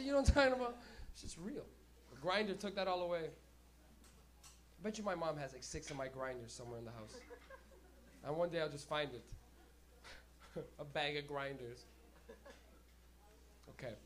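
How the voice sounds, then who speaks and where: A man's voice: sits high, a bit bright. A man hosting a comedy night, talking loosely and profanely and laughing at his own jokes. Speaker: stand-up comedian and host. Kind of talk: stand-up comedy. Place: comedy club stage.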